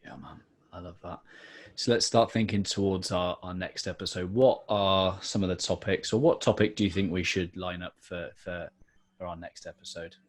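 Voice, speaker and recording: A man co-hosting a podcast with a low, deep voice. He speaks in an easygoing, casual way and steers the conversation with questions. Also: steady tone, moderate pace. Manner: easygoing, moves the talk along with questions. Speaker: podcast co-host. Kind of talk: casual chat.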